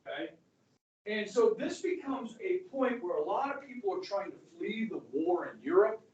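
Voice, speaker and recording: A man teaching history to a class, loose and conversational, tossing in "okay" and "guys" as he goes. His voice sits high. It is picked up from across an echoey classroom. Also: recorded from a distance. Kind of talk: classroom lecture.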